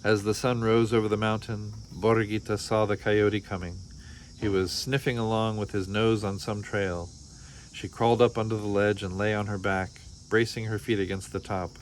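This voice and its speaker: Low-voiced man reading a picture book. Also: moderate pace, a little hiss or hum. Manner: expressive storytelling. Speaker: storybook reader.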